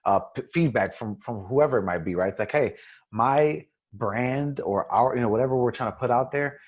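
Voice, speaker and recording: A man's voice: medium pitch, moderate pace, lo-fi sound. A man who works as a radio personality, chatting in a laid-back way and often tagging his points with "right?". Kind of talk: casual chat.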